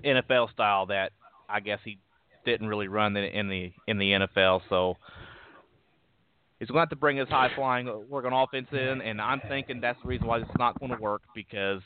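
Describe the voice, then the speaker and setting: A man's voice: fairly low pitch, brisk, smooth, no echo. A man hosting a sports talk show, talking casually and often stumbling over his words. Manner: stumbling, restarts, chuckles. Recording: tinny phone-line sound, dry.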